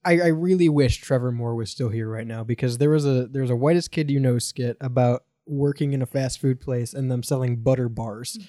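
A man hosting a podcast in casual chat, animated and joking, telling rambling stories. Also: medium pitch, brisk, few pauses, no room sound, clean studio sound. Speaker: podcast host.

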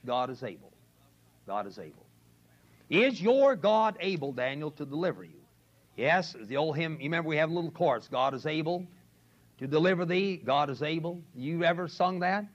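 On a lo-fi 1970s tape, an older man with a fairly high, slightly breathy voice preaches a sermon to a men's class in a college classroom. He is emphatic and repetitive, often asking his listeners "see?"

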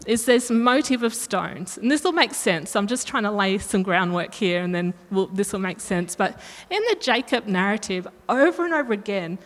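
A woman's voice: medium pitch, animated, moderate pace, few pauses. Chatty woman preaching in a reverberant hall. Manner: chatty, self-correcting, asks the room questions. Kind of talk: sermon.

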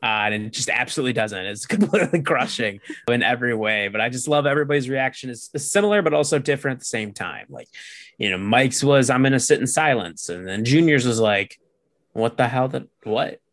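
A young man telling stories in a casual podcast chat, animated and full of fillers. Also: medium pitch, quick pace, dry recording. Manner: animated storyteller, lots of "like". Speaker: podcast guest.

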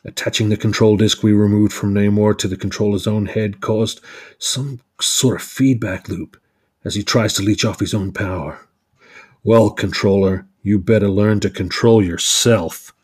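A man's voice: lowish voice, fairly even intonation, normal speed, breathy edge. A man doing a stern heroic soldier hero. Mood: quipping.

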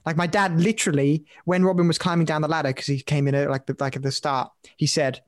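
A man's voice: a little high, fairly even intonation, fast talker, dry recording, studio quality. A young man co-hosting a podcast, chatting casually and animatedly, laughing and swearing now and then. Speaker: podcast co-host. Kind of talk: casual chat.

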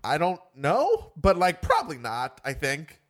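A man hosting a casual podcast, rambling and self-deprecating in quick bursts, with a groggy morning voice. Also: a little high, wildly swooping pitch, fairly bright tone. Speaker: podcast host.

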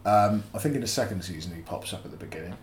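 A man's voice: sits low, expressive, fast. A man co-hosts a podcast and retells episode plots at length, his voice rising and falling a lot. He sounds a little distant in a roomy space, with faint noise behind him. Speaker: podcast co-host. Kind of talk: casual chat.

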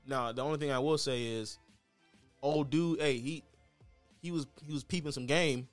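A man's voice: medium pitch, steady tone, normal speed, faint music behind. A man co-hosting a podcast in casual chat, rambling and hedging as he talks over reality TV. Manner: rambling, hedging, with frequent restarts. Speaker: podcast co-host.

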